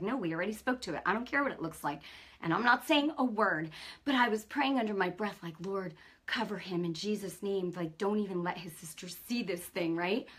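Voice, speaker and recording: A middle-aged woman hosting a faith show, telling a personal testimony in an animated, conversational way and acting out the dialogue. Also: medium pitch, breathy edge. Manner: animated storytelling, acts out dialogue; conversational, many fillers. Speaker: host.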